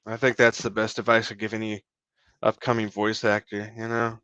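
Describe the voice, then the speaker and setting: A man's voice: on the low side, completely flat delivery, moderate pace, pushed and bright, clean tone, no room sound. A man being interviewed about his voice acting work, talking in a joking, laid-back way and saying "you know" often. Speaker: guest voice actor. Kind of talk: casual interview chat.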